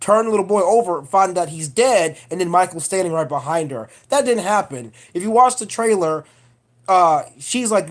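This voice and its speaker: A woman's voice: lowish voice, animated, normal speed. A woman vlogger giving a casual, profane, digressive film review rant.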